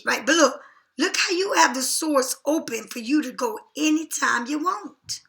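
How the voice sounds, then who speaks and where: A woman giving a casual tarot reading straight to the viewer, blunt and profane, talking in an animated way. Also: high voice, a little slow, gravelly, echoey room. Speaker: tarot reader.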